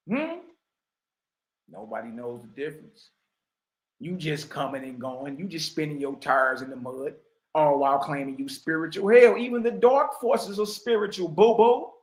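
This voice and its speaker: High-voiced emphatic preacher man, echoey room. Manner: emphatic, with street slang and asides to listeners. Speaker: spiritual teacher. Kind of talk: preaching commentary.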